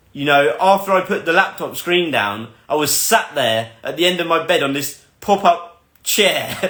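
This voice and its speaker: A man's voice: fairly high pitch, bright, forceful tone. Earnest man in an echoey room. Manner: emphatic, repetitive, earnest. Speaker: motivational vlogger. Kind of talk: personal motivational storytelling.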